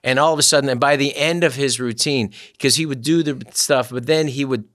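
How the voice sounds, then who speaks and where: A man's voice: mid-range voice, fairly even intonation, a bit bright, no echo, studio quality. A man, a comedian guest, telling rambling stories in casual chat with frequent restarts. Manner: rambling, halting storyteller with many restarts.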